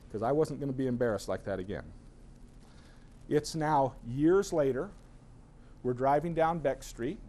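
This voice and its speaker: A middle-aged man speaks to a live audience in a personal-growth seminar. His voice sits a little high and swings widely in pitch as he tells stories and acts out other people. He sounds like an energetic, expressive lecturer. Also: normal speed. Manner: animated storyteller who acts out voices.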